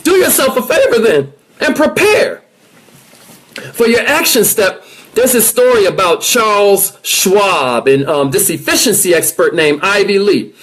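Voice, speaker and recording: A man giving an energetic motivational talk, coaching his listeners directly and with emphasis. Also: high-pitched, unhurried. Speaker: motivational speaker.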